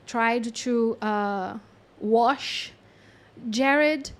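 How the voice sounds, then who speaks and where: A woman channeling a story in a chatty, animated way, with lots of fillers and frequent laughs. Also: on the high side, extremely slow. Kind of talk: casual storytelling.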